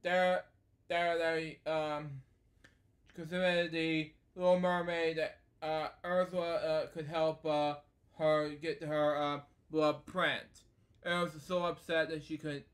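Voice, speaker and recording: A man's voice: fairly high pitch, fairly bright tone. A man hosting a casual bedtime storybook read-aloud, rambling off into asides and filling gaps with "anyway" and "so there you go". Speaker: storybook reader and host.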